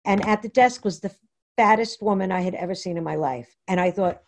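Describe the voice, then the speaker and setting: A woman from Long Island telling her own recovery story at an online meeting, halting and rambling with many fillers and restarts. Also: mid-range voice, a little hiss or hum. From New York, Long Island. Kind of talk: personal share at a Zoom meeting. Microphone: computer mic on a video call.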